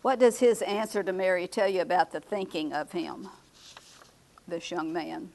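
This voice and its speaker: A woman's voice: on the low side, steady tone, normal speed, a little mellow. Older woman, Bible study teacher; conversational, chuckles, echoes the class. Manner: conversational, repeats class answers, chuckles often.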